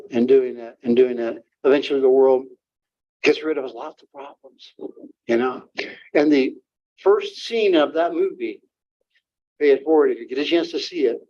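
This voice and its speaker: An older man, a guest author, talking informally to an audience and taking questions, halting with many fillers and restarts. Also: mid-range voice, darkish tone. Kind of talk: informal talk and Q&A. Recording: dull lo-fi room recording.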